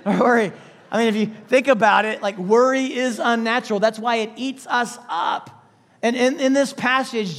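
A pastor preaches a sermon, his voice sitting high. His delivery is emphatic and packed with rhetorical questions, lurching from loud bursts into hushed asides.

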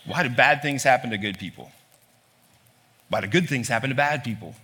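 A male pastor preaching a sermon, firing off rhetorical questions in a lively way and pushing his voice up high on emphatic lines. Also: a little fast, slightly rough. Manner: asks many rhetorical questions. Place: church hall.

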